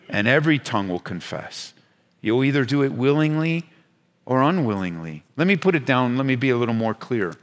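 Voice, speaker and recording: A man preaching to his congregation, his voice sitting in an ordinary middle pitch. He presses points with urgent rises, then drops to hushed, low asides. Long reverb from the church hall trails after his words. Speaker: pastor. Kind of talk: sermon. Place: church sanctuary.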